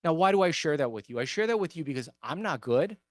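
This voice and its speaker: A man's voice: on the high side, animated, fast talker, no room sound. A man who serves on a city council, giving an earnest, emphatic speech to a meeting, repeating his points for effect. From came to America as an immigrant. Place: meeting hall.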